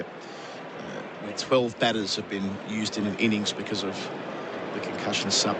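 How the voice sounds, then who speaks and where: A man doing ball-by-ball radio cricket commentary, brisk, lifting his voice to call each delivery. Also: fairly low pitch, noisy background.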